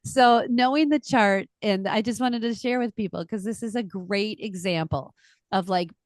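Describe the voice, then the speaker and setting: A middle-aged woman, an astrologer and podcast co-host, chatting casually and telling stories in an animated way, laughing often. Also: mid-range voice, normal speed, dry recording, studio quality. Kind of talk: casual chat.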